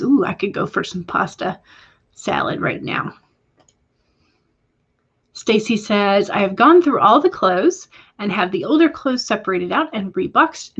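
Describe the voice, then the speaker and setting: A woman's voice: medium pitch, slightly rough, highs cut off. Woman host reading out stream chat. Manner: reads viewer comments aloud and responds warmly; hesitant, with frequent fillers. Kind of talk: casual livestream chat.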